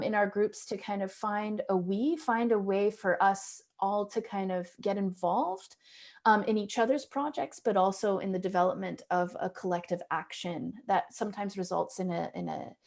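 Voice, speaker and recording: A woman's voice: medium pitch, creaky, darkish tone. A woman educator giving a seminar presentation, telling a classroom story in a thoughtful way with frequent ums and restarts. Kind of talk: conference presentation.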